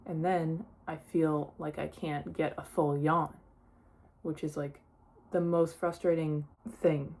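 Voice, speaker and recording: A woman's voice: low-pitched, little pitch movement, slow, darkish tone. A young woman talking casually in a personal vlog, sharing her experience with many "like" fillers. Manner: chatty, lots of "like" fillers. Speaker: vlogger.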